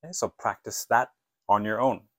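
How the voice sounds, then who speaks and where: A man teaching an English lesson, modeling phone phrases clearly and patiently asking listeners to repeat after him. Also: on the low side, moderate pace, fairly bright tone, no echo.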